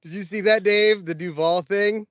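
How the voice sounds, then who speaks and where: A man's voice: high voice, steady tone, a bit bright, no room sound, lo-fi sound. Chuckling podcast co-host man, dry sound. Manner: laughs often, quick comebacks. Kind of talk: casual chat.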